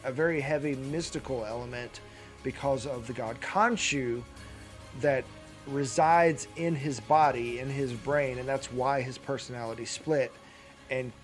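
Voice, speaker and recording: A man's voice: mid-range voice, fairly even intonation, measured pace, soft background music. A man co-hosting a casual chat show, rambling through his points with lots of fillers, restarts and laughs. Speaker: podcast co-host.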